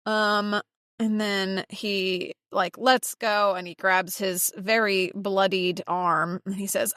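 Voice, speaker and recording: A woman's voice: mid-range voice, steady tone, slow pace, fairly bright tone, clear, resonant tone, dry recording, clean studio sound. A woman guest voice actress on a podcast, recapping a comic chapter in casual chat and reading out character lines. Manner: reads out character lines with small acted voices.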